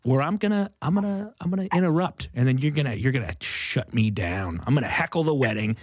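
A man's voice: mid-range voice, animated, fairly quick, husky, no echo, studio quality. A man hosting a podcast, talking in a loose, laid-back way and often stalling on fillers. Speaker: podcast host. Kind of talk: casual podcast chat.

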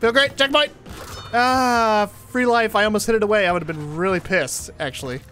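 A man giving let's play commentary at home, exasperated, yelling at the game and laughing at himself. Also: high-pitched, moderate pace, slight background noise. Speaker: gaming video host. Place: home apartment, seated in a chair.

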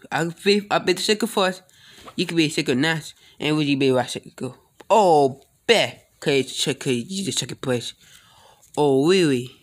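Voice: medium pitch, fairly bright tone. A speaker improvising a plush toy role-play in a rambling, mumbly way, full of slang and filler sounds.

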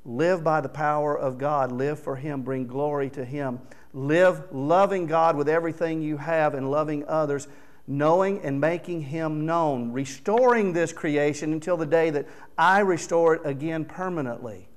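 A man's voice: a little high, moderate pace, smooth. A man preaching a sermon as pastor, earnest and exhorting, reading scripture aloud with rising emphasis.

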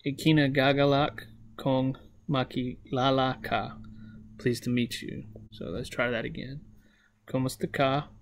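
A man with a Southern US accent giving a casual, halting language lesson, slowly repeating phrases with frequent restarts. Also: mid-range voice, little pitch movement. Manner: halting, many restarts and ums, slow careful phrase repetition. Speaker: language learner vlogger.

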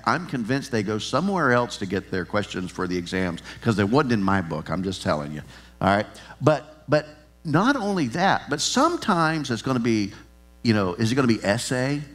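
Lively storytelling pastor, a man. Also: medium pitch, moderate pace. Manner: animated storytelling, acts out dialogue. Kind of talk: sermon.

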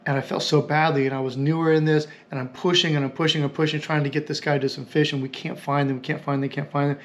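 A man hosting a podcast, telling a story in a reflective, halting way and repeating phrases as he thinks aloud. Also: a little high, little pitch movement. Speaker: podcast host.

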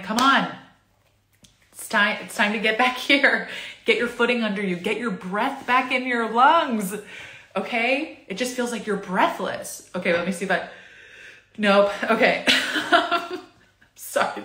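A woman's voice: mid-range voice, a bit bright, echoey room. A woman in her thirties giving a casual, chatty tarot reading to camera, bubbly and laughing often. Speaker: tarot reader.

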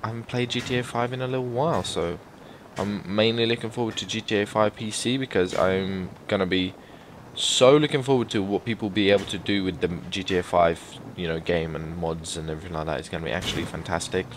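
A man with a fairly low voice giving casual commentary while he plays a video game. He talks to his viewers in a chatty, rambling way and swears freely. He breaks into loud, startled exclamations, and faint noise sits under his voice. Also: fast. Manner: excitable, swears often, bursts into loud exclamations. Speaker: gaming YouTuber.

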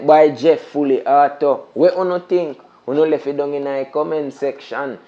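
A man with a Jamaican accent giving an excitable, patois-heavy reaction commentary, repeating "you see me, I say". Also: fairly high pitch, a little slow, few pauses, muffled recording. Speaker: music reaction host.

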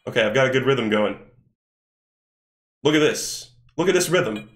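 A man's voice: mid-range voice, expressive, moderate pace, a bit bright. A man streaming games live, chatting, thinking aloud and swearing casually as he plays. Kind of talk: live game-stream commentary. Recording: echoey room.

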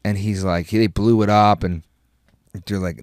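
A man, a podcast guest, telling a story with animated, profane energy in casual chat. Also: on the low side, unhurried, smooth, no room sound, clean studio sound.

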